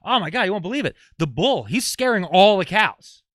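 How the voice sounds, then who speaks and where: A man voicing an excited, foul-mouthed little boy in a bar joke, blurting out his news. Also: on the high side, moderate pace, no echo, studio quality, voice pushed up.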